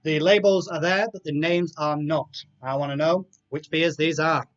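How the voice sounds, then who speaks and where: High-voiced man hosting a live quiz. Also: fairly even intonation, moderate pace, fairly bright tone. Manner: reads multiple-choice options with chatty asides. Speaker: quiz host. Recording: dull lo-fi sound with faint music.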